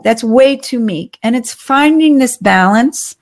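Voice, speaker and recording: A woman's voice: fairly high pitch, lively intonation, a little slow. A woman, a leadership trainer and coach, explaining her ideas as an interview guest in a confident, upbeat way.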